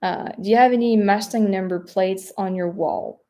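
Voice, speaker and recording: A young Frenchwoman with a mid-range, expressive voice talks at a normal speed on a live stream. She's a travel vlogger reading out viewer questions, hesitant and full of fillers, with soft asides that trail off.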